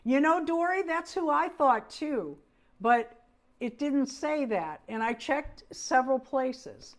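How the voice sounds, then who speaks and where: A woman's voice: high-pitched, animated, slow pace. Woman, casual co-host, chatty, voice wearing thin. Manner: friendly, chatty, laughs often. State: losing her voice, clearing throat. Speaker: co-host of a doll collecting livestream. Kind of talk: casual chat.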